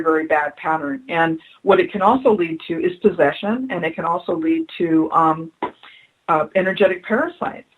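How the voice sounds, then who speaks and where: Husky-voiced woman telling earnest stories. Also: lowish voice, rough recording. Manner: earnest, emphatic, repeats key phrases. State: choked up. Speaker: spiritual adviser guest. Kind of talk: radio interview storytelling.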